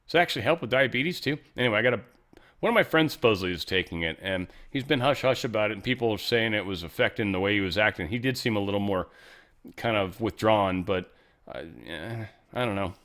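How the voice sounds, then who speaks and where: A man's voice: lowish voice, expressive, fast, a bit bright. A man hosting a show, giving casual political commentary in a blunt, rambling way with frequent profanity. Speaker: show host.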